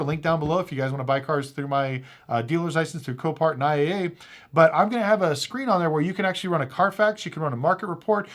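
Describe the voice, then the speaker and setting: A man who deals cars, casually telling a story to the camera and acting out both sides of the conversations. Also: high-pitched. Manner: animated anecdotal, acts out both sides of conversations. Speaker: car dealer and channel host.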